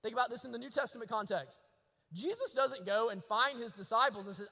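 A man's voice: very high voice, lively intonation, a little fast, bright, forceful tone, husky, big-room sound. A man preaching a sermon in a church, impassioned and repeating lines for emphasis. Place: church sanctuary.

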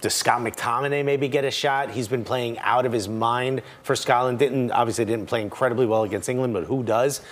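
A man's voice: mid-range voice, fairly even intonation, fairly quick, few pauses. A man talking soccer on a casual podcast panel, analytical and reeling off stats, with dry sarcasm. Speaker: soccer pundit.

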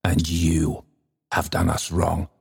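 Man doing a stern bell spirit in an audiobook, low slow solemn voice, accusing. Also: monotone, vocal fry, husky, heavily acted. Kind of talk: audiobook reading.

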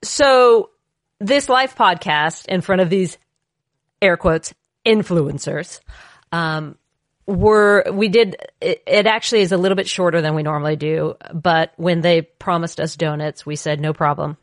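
A woman's voice: lowish voice, moderate pace, no room sound, studio quality. A woman co-hosting a podcast, chatting in a bubbly, jokey way and telling stories with lots of energy. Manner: bubbly, jokey, animated storyteller. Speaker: podcast co-host. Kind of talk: casual chat.

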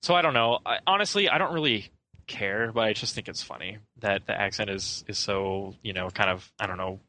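A young man chatting casually about a film as a podcast co-host, bright and forward in tone. He rambles and hedges, with plenty of "um" and "you know," circling back on his own sentences. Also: lowish voice, fairly quick, rough recording. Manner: rambling, hesitant, many fillers and restarts.

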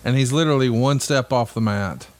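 A man hosting a podcast, chatting casually and commenting over old footage in a relaxed, amused way. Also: mid-range voice, fairly quick, a little hiss or hum. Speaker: podcast host.

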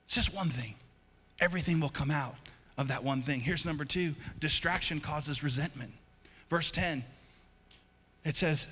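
A man's voice: on the high side, a little slow, fairly bright tone. A man pastor preaching a sermon in a church, emphatic and repetitive, calling out to his congregation and asking them to respond. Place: church sanctuary. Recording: long church-hall reverb.

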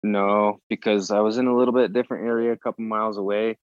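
A man on a podcast as the guest, telling a story in casual talk, animated and swearing freely as he acts out his own reactions. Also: on the low side, fast talker, smooth, no echo, lo-fi sound.

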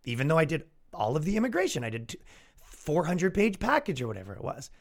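A young Canadian man hosts his own comedy podcast with a sarcastic, swearing rant. His fairly high voice swings widely in pitch as he mocks opposing views. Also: quick pace, gravelly. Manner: animated, sarcastic, swearing, mock-quoting opponents. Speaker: podcast host.

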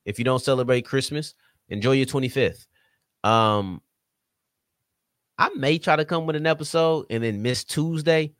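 A man's voice: medium pitch, moderate pace, long pauses, fairly bright tone, dry recording, studio quality. A man hosting a solo sports podcast, talking casually and straight to his listeners, with a slight country twang at times. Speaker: podcast host.

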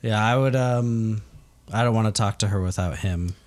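A man's voice: fairly low pitch, normal speed, darkish tone. A man playing in a tabletop game, chatting casually and hesitantly. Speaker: player.

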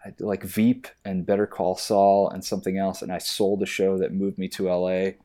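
A man's voice: low voice, normal speed. A man, an actor, chatting casually and acting out stories in mocking voices. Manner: animated storytelling, acts out exchanges in mocking voices. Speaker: actor on a podcast. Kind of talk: casual chat.

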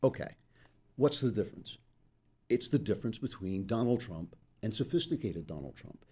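A man's voice: lowish voice, animated, moderate pace, warm tone, slightly rough. A middle-aged man hosting political commentary, delivering an emphatic, sarcastic opinion monologue. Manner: emphatic, sarcastic, interrupts himself with asides.

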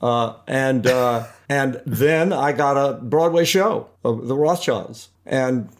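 An older man, an actor, looks back on his early years in a conversational interview. He talks with many false starts and small laughs, and his voice sits at an ordinary male pitch. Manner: halting, restarts often, chuckles while recalling. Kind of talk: relaxed career reminiscing.

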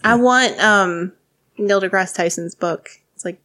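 A woman's voice: mid-range voice, unhurried, a bit bright. A woman in casual podcast chat who speaks hesitantly with many fillers.

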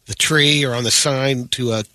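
A mid-pitched male voice with a very bright, forceful tone, dropping short, dry asides into casual radio banter. The sound is close and dry, as in a radio studio. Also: fairly even intonation, moderate pace, no room sound.

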